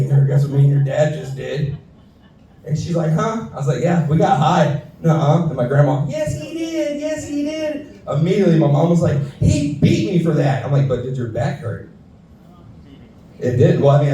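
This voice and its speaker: Male comedian, profane storyteller, dark mellow voice, boomy echo, faint room noise. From Houston, Texas. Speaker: stand-up comedian. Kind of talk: stand-up set. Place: saloon stage. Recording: echoey room from far off.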